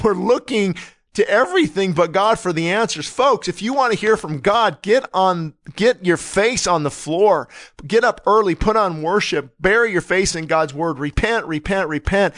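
A man's voice: sits high, lively intonation, moderate pace, a bit bright. A man preaching a sermon in an earnest, urgent way, pleading and repeating calls to repent. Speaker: pastor.

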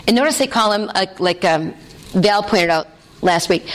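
A woman leading a Bible study, reading passages aloud and explaining them in a playful, animated way, laughing often and acting out the characters. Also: mid-range voice, moderate pace. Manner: lively, playful, laughs often, acts out voices. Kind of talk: animated scripture teaching.

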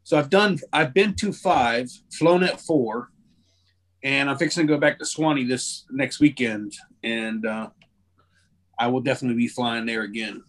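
A man's voice: medium pitch, normal speed, a bit bright. A man chatting casually in a group, rambling and restarting his sentences as he explains things. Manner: rambling, self-correcting, repeats words. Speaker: pilot sharing fly-in experience.

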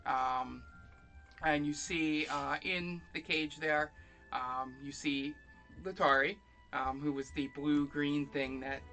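A game master narrating a tabletop game, improvising in a halting way with many ums and uhs. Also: mid-range voice, fairly even intonation, bright, forceful tone, faint music behind.

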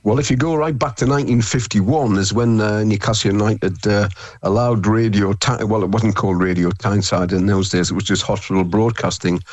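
A man's voice: lowish voice, fairly even intonation, brisk, a little mellow, no echo. A man in his seventies, a radio football commentator, talking in casual chat on air, rambling and repeating his words as he tells stories. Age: 70s.

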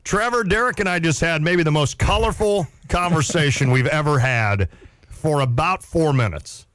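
A man's voice: a little high, moderate pace. A man in his forties hosting a sports radio show, talking casually and laughing often. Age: 40s. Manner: chatty, laughs often, animated.

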